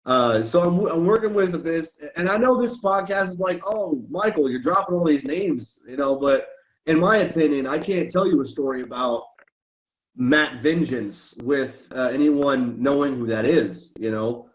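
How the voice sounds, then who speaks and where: A man's voice: a little high, normal speed, poor audio. A man who used to wrestle and referee, telling stories on a podcast in a casual, profane way and acting out what people said. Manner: profane, animated storyteller who acts out quotes.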